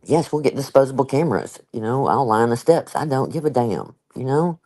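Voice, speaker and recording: A woman's voice: a bass voice, very animated, a little fast, mellow, rough recording. An older woman, hosting a casual live chat and talking in an emphatic, chatty way with frequent asides. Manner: chatty and emphatic, laughs often, with many asides. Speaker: live-stream host.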